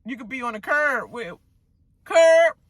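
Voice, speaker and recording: Brief: woman vlogger, bright forceful voice, dry close sound, profane ranting TV recap. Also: mid-range voice, normal speed, no room sound. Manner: animated, profane, joking asides.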